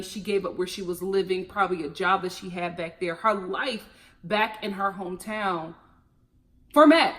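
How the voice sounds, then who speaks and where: A woman recapping a reality show in a casual, gossipy, animated way, laughing often and using slang. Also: medium pitch.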